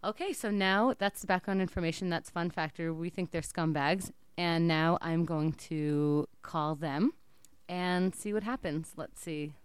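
A woman host in loose, playful conversation, laughing easily between lines. Her voice is smooth and clear. It sits close and dry with no room sound. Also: lowish voice, unhurried, no room sound. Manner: giggly, teasing. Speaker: podcast host. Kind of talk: casual chat and prank call.

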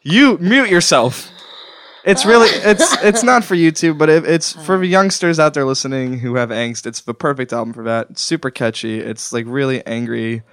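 A man co-hosting a podcast in casual banter, excitable, laughing often and swearing freely. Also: medium pitch, fairly quick, hardly any pauses. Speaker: podcast co-host.

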